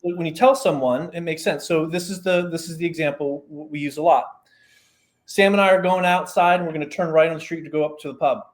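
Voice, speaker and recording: Quick asides keep breaking into this man's explanations as he tells a story in casual podcast talk. A performance coach on as a guest, he has a lively, rising-and-falling voice pitched a little high for a man.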